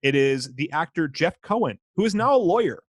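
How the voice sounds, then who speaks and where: A man's voice: on the high side, sing-song, brisk, breathy edge, dry recording, clean studio sound. A man co-hosting a casual podcast, goofy and playful, joking between topics. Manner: goofy, playful, sings and barks. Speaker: podcast co-host. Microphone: podcast mic.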